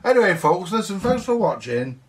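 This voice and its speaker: Talking casually to the camera in his workshop, a vintage audio repair vlogger rambles about a repair job, full of fillers with an occasional swear word. His voice sits high and sing-song at normal speed, and the mic is distant.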